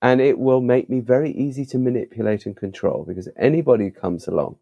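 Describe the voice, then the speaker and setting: A man who is a podcast guest and author, telling stories in an animated, emphatic conversational way. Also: mid-range voice, fast, gravelly, hardly any pauses, dull audio. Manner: animated, emphatic, with vivid asides. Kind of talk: conversational storytelling.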